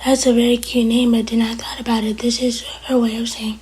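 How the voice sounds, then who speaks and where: A woman casually recaps a TV episode in a soft, mellow, airy voice that stays close to a whisper. Her pitch sits a little high but barely moves, and she retells each scene by quoting the characters. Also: little pitch movement, fairly quick. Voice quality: very breathy, half-whispered delivery. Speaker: TV episode reviewer.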